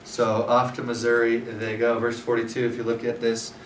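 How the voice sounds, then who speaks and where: A man's voice: mid-range voice, completely flat delivery, moderate pace. Male scripture teacher with a mid-range voice and a casual storytelling delivery, recorded from a distance in a roomy space with background noise. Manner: conversational storytelling with fillers. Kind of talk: scripture class lecture. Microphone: far from speaker. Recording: roomy, distant, noisy room.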